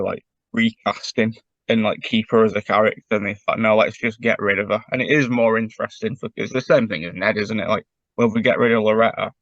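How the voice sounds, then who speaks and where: A man's voice: lowish voice, no echo, highs cut off. A man, co-hosting a podcast in casual chat and analysing a cartoon with many fillers. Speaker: podcast co-host.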